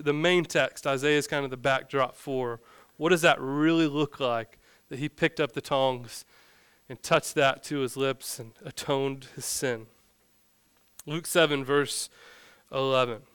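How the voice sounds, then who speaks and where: A man's voice: mid-range voice, measured pace, fairly bright tone, clean tone, no echo. A young adult man preaching a sermon, reading scripture, then retelling the story in a loose, joking way. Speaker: pastor.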